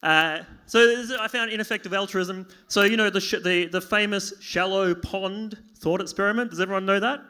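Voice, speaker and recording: Bright high-voiced comedian. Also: male voice, a little fast, hardly any pauses, clean tone. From Australia. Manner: self-deprecating, acts out dialogue with sudden yelps and pleading. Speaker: stand-up comedian. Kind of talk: stand-up comedy set. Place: small pub venue with live audience.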